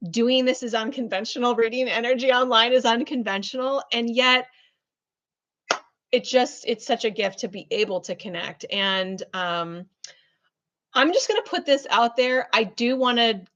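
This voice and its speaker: A fairly high-voiced woman talks warmly and effusively to her live-stream viewers from her room, her chat loaded with ums and soft asides. The audio is dull and lo-fi, like a muffled online stream. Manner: warm, effusive, chatty with many fillers. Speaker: spiritual business coach hosting a live reading.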